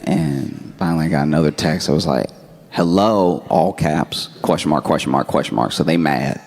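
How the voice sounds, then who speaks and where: Male stand-up comic, very low voice, dry storyteller, noisy live room. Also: brisk, vocal fry. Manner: laid-back, deadpan storytelling with bursts of audience laughter. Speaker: stand-up comedian.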